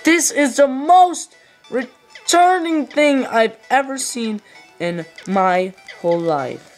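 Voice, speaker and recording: A woman playing a platform game and yelling frustrated complaints and curses at it. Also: sits high, lively intonation, slow pace, faint music behind. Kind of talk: rage gameplay commentary.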